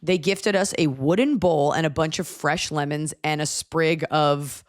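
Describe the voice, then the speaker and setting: A woman hosting a comedy podcast, telling stories in animated casual chat and slipping into voices. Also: deep voice, measured pace. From lives in Los Angeles. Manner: animated storyteller, jumps into voices mid-story. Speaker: podcast host.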